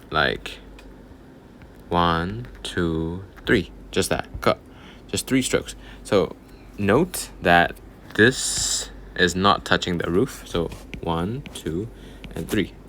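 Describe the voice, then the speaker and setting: Guy teaching a chill lesson, deep voice, slow and patient, counts stuff out loud. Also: a little hiss or hum. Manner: patient, counts strokes aloud, repeats words. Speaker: language teacher. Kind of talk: casual online lesson.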